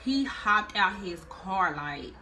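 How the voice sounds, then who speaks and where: Animated young woman telling a story. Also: medium pitch. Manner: animated, slangy, drawn-out storytelling. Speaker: vlogger. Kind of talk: storytime vlog.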